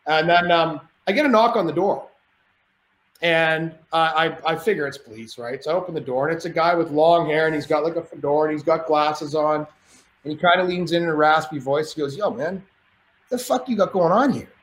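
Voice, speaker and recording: A man telling a wild party story as a podcast guest, talking in a lively, profane, rambling way from a cottage. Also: on the high side, fairly quick, echoey room, a little hiss or hum, rough recording. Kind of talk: animated storytelling.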